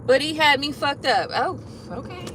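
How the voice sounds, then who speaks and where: Animated high-voiced woman venting while driving. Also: normal speed, background noise. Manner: profane, animated, laughing. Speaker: tarot reader vlogger. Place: car.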